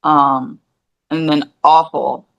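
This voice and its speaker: A woman's voice: low-pitched, slow, creaky, muffled recording. A woman in her forties, a podcast co-host, chatting casually and rambling, often acting out what others said. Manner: rambling, animated, acts out quoted voices. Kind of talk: casual chat.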